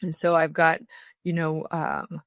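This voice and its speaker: Middle-aged woman, faith podcast host, earnest and encouraging, gravelly voice, dry close mic. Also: sits low, little pitch movement, a little slow, fairly bright tone, dry recording. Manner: earnest, encouraging, with restarts and fillers.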